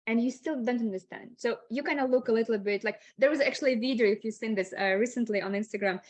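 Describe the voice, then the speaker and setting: A woman's voice: on the high side, fast, no room sound. A woman English teacher giving a chatty online webinar lecture, often laughing and saying "like".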